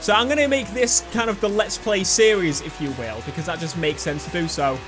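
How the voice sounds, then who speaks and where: A young man giving excitable, jokey commentary over his own racing-game play. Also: sits high, brisk, music in the background. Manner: excitable, chatty, jokey, talks back to the game. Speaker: gaming video host.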